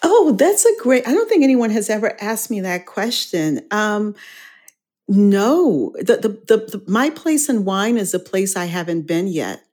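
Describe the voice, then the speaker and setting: A woman guest in an interview, cheerful and quick to laugh, talking about what she enjoys. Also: mid-range voice, big pitch swings, darkish tone. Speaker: wine educator and TV guest. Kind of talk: casual interview chat.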